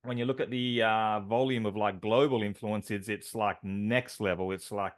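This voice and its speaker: A man's voice: lowish voice, fairly even intonation, normal speed. A man co-hosting a team call, announcing award winners with enthusiastic, filler-heavy talk.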